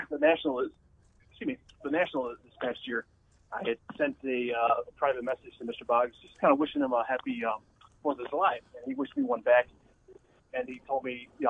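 A man telling an excited story as a podcast guest over a muffled remote call. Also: gravelly, slightly rough. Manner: excited storytelling, swooping pitch. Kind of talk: casual interview chat.

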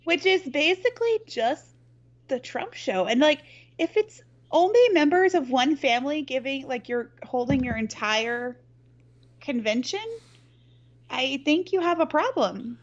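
A woman co-hosting a podcast over a video call, blunt and quick to laugh, cursing freely in casual chat. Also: sits high, animated, highs cut off. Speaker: podcast co-host.

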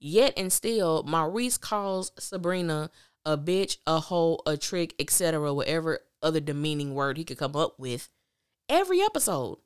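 Animated woman host, low voice. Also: clear, resonant tone. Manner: animated, opinionated, quick swings of pitch. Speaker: podcast host recapping a TV drama. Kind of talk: casual recap commentary.

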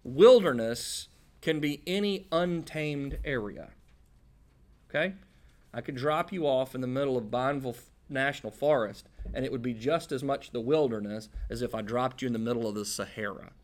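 A male preacher teaching scripture in a relaxed, chatty way. He jokes and drops folksy slang, and his pitch sits mid-range for a man. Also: moderate pace. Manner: casual and joking, with folksy slang. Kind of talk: conversational Bible-teaching sermon.

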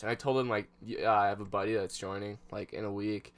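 A man's voice: on the low side, little pitch movement, quick pace. A young man telling rambling stories to friends in casual chat, full of slang and filler words. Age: young adult.

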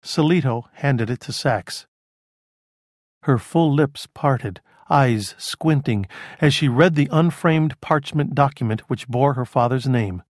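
A man narrating a crime novel audiobook in a steady, measured way. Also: medium pitch, no echo, studio quality. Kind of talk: scripted narration.

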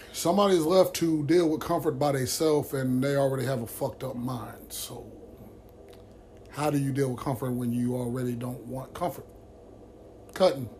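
A man's voice: mid-range voice, a little mellow, slight background noise. A man hosting a vlog who tells a friend's story to the camera in a blunt, heated way, with constant swearing. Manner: blunt, heavily profane and heated.

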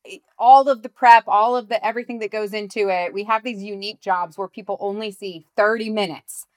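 A woman's voice: medium pitch, fairly even intonation, a little fast. Bubbly woman hosting a podcast. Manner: bubbly, laughs often. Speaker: podcast host. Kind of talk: casual podcast chat.

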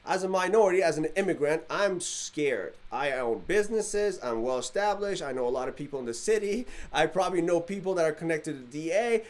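A man from the Middle East telling a story in casual podcast chat, animated and acting out quoted dialogue. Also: fairly high pitch, fairly quick, hardly any pauses.

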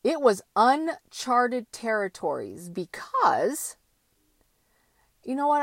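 A woman's voice: fairly high pitch, very animated, takes it slowly, pauses often, no room sound. A woman giving a candid motivational monologue, blunt and emphatic, with casual swearing. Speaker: motivational vlogger.

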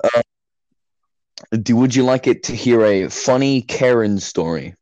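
A man's voice: mid-range voice, lively intonation, unhurried, darkish tone, rough recording. A teenage young man hosting a podcast, rambling through a profane story in casual chat. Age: late teens. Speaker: podcast host.

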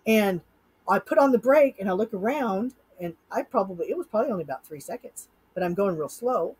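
A woman's voice: mid-range voice, lively intonation, fairly quick, darkish tone, breathy edge, rough recording. A middle-aged woman from Utah, a hypnotist guest in an interview, telling a personal story with animation and acting out her own thoughts. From Utah, USA.

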